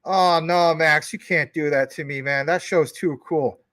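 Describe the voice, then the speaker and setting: A man's voice: a little high, fairly even intonation, measured pace, a bit bright, no room sound, clean studio sound. A man mimicking a huffy, indignant viewer. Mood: protesting. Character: grumpy male chat viewer, indignant and huffy.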